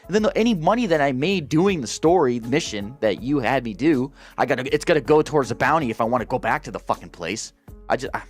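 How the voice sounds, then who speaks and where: A man's voice: medium pitch, animated, fast, faint music behind. A man hosting a gaming channel, ranting casually and profanely, exasperated and full of restarts.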